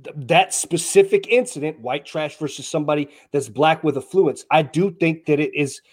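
A man's voice: fairly high pitch, moderate pace, husky. A man co-hosting a podcast, arguing his point in a profane, casual debate. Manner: profane, argumentative, animated. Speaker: podcast co-host.

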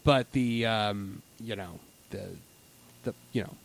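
A man's voice: lowish voice, slow pace, creaky. Chatty man with filler-heavy rambling. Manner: rambling, many fillers and restarts. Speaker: podcast co-host. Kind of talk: casual chat.

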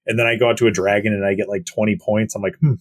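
A man with a low, husky voice in a casual gaming chat. He is laid-back and a bit hesitant, restarting his sentences often. He laughs easily as the talk goes on. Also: flat delivery, very fast, no room sound.

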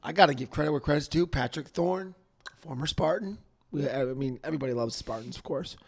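A man co-hosting a sports podcast in casual chat, jokey and excitable, getting loud then dropping to a mumble. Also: a little high, a little fast. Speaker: podcast co-host.

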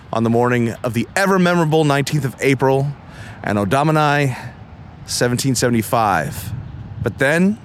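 A man of ordinary, mid-range pitch narrates a travelogue from outdoor historic sites. He reads old inscriptions aloud with evident relish, in the easy manner of a podcast host. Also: slight background noise.

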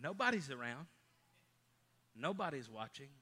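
A middle-aged pastor, preaching a sermon, moving from loud emphatic lines to hushed storytelling. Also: male voice, mid-range voice, sing-song, unhurried.

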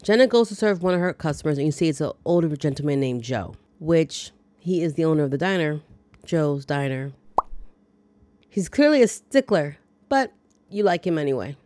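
A woman hosting a podcast chats through a movie recap with wry, dry jokes. Her voice is on the low side for a woman. The sound is dry and close, with no room echo. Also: animated, moderate pace, dark tone. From lives in the American South. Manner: chatty, wry, dryly joking. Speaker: podcast host.

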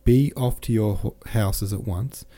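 Man reading angry young hussar officer, shouting commands, low pitch, very mellow tone. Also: a little slow. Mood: wrathful commanding. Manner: shouting orders.

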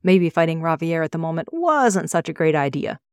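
A woman reads her own fantasy novel aloud in a measured, expressive way. Her voice sits low. The sound is dry and close. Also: clean tone, dry recording. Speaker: author reading her novel. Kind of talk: audiobook reading.

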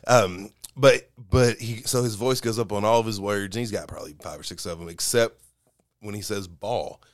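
A man co-hosting a podcast in casual chat, joking and teasing his co-host and sometimes jumping into high-pitched imitations. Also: normal speed, dry recording, studio quality.

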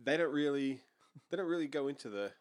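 A man's voice: medium pitch, expressive, fast talker. A man co-hosting a movie podcast, rambling with lots of restarts and laughter. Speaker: podcast co-host. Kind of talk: casual movie podcast chat.

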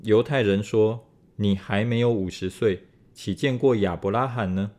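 With a low-leaning voice, a man reads passages of scripture in a steady, deliberate manner.

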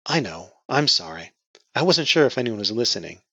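A man's voice: medium pitch, sing-song, fairly quick, sharp tone, husky, no room sound, dull audio, voice pushed up, exaggerated voice. A man voicing a timid, eager-to-please young woman who stammers and hesitates. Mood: anxious.

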